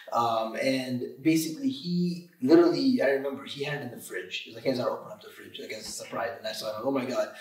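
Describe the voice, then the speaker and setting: Guy in his 30s, shop owner on a podcast, keeps repeating and restarting, echoey room. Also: medium pitch. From Michigan, USA. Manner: emphatic, repeats words, restarts often. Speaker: auto repair shop owner, guest. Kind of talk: casual podcast interview. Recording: roomy room, distant mic.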